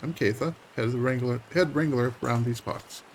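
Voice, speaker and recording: A homespun frontier ranch woman, as a man puts her on while reading game lines, who talks in a twangy old west drawl. She chats in a friendly, encouraging way, and her voice sits at a middling pitch. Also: a little fast, a little hiss or hum, close to an everyday voice, poor audio. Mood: folksy. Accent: put-on old west drawl. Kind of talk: reading game dialogue aloud.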